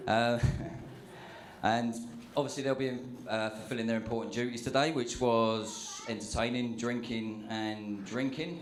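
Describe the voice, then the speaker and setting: A man's voice: medium pitch, fairly bright tone, a little hiss or hum. A man giving his best man's speech at a wedding reception, jokey and chatty, with many fillers and asides. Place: wedding reception venue, indoors. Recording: echoey reception hall.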